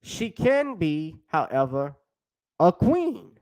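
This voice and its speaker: Rambling man, somewhat high voice. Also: sing-song, takes it slowly, a little mellow, poor audio. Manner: rambling, conversational, addresses chat by name. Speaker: host. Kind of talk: casual commentary livestream.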